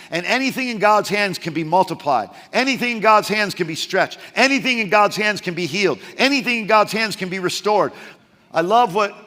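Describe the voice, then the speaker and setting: A man preaching a sermon as pastor, swinging from loud, emphatic outbursts to hushed, quiet passages. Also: high voice, long reverb tail.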